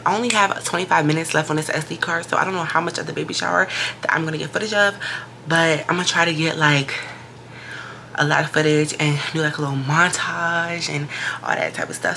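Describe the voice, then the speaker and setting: A woman's voice: low voice, creaky, pushed and bright. A young pregnant woman chatting casually to camera as a vlogger, hyping herself up and swearing now and then. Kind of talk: casual vlog chat to camera. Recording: noisy background.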